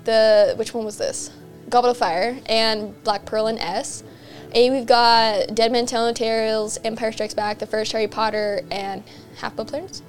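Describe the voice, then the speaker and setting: A woman's voice: fairly high pitch, steady tone, measured pace, faint music behind. A woman chatting casually as co-host, rambling along with restarts. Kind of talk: casual chat.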